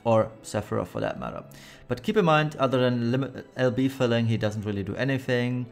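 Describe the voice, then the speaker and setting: A man's voice: medium pitch, a little fast, vocal fry. A man hosting a gaming channel, giving blunt, critical commentary full of fillers, his voice a little worn. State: voice wearing thin. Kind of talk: casual commentary on a mobile game.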